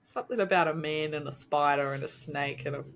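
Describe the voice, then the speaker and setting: A woman's voice: low-pitched, a little fast, a little hiss or hum. A young Australian woman chatting casually as a podcast co-host, giggly and gushing. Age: young adult. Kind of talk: casual chat.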